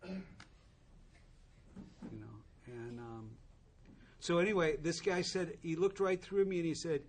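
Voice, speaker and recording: A man's voice: a little high, measured pace, pauses often. A man in his sixties tells a humorous, rambling story to an audience at a recovery meeting, with many restarts.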